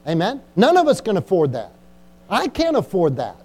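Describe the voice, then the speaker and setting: A man's voice: sits high, huge pitch swings, normal speed, mellow. A middle-aged male pastor preaching a sermon in church, exhorting and repeating himself, often asking the congregation "Amen?". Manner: repetitive, exhorting, frequent "Amen?" and "Come on".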